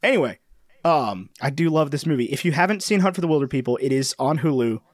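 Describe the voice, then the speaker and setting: A man's voice: fairly high pitch, lively intonation, fast, no room sound, studio quality. A man co-hosting a podcast in casual, joking chat, rambling and breaking into accent impressions. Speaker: podcast co-host.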